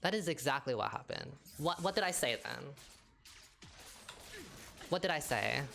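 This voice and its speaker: Woman game streamer, deep and gravelly, tense bright tone; talks in exasperated rhetorical loops. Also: animated, moderate pace, a little hiss or hum. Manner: exasperated, rhetorical, repeats herself. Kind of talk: casual stream chat while gaming.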